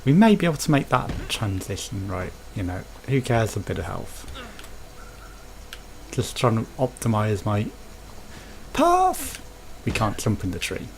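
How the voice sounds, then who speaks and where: Gravelly Birmingham man rambling over gameplay. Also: lowish voice, huge pitch swings, a little slow, pauses often, darkish tone, a little hiss or hum, low-quality recording. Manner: rambling, chatty, thinking aloud. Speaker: let's play host. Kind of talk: casual gameplay commentary.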